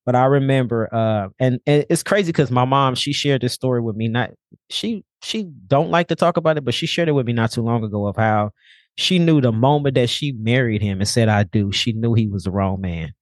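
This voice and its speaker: A man's voice: mid-range voice, a little fast, dry recording, clean studio sound. A young man speaking as a podcast guest, telling a personal story bluntly and casually, with frequent swearing.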